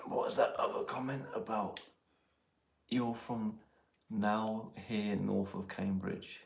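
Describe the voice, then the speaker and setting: Low-voiced English man, casual live-stream banter, echoey sound, faint background noise. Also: fairly even intonation, slow pace, gravelly. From England. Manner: banter and laughing. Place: outdoors near Ely.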